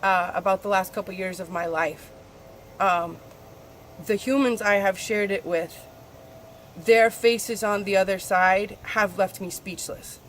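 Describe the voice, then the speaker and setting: A woman talking candidly in a personal spiritual vlog, confessional and swearing freely, her voice swinging between soft and loud. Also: medium pitch, steady tone, measured pace, slight background noise. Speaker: spiritual vlogger.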